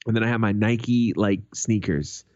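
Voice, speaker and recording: A man's voice: on the low side, normal speed, dark tone, no room sound. A man co-hosting a podcast, telling a rambling story in casual, heavily profane chat. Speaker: podcast co-host. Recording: dull lo-fi sound.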